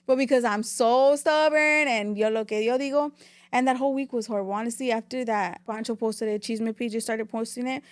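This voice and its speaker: Fast-talking young woman. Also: on the high side, clear, resonant tone, no echo. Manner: rapid, animated, switching between English and Spanish. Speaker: podcast guest. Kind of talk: casual interview storytelling.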